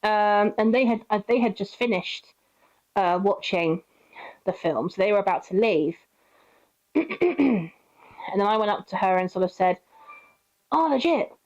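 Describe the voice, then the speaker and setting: A young woman rambles through a personal story at an ordinary pitch, full of fillers and little acted quotes. The recording is dull and lo-fi. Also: unhurried, long pauses, darkish tone. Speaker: vlogger. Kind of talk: casual storytime monologue.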